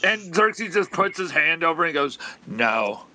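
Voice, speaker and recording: A man's voice: high-pitched, moderate pace, pushed and bright, no echo, faint music behind. A man playing a tabletop game, plainly explaining what his character does. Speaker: player. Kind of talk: casual chat at a game table.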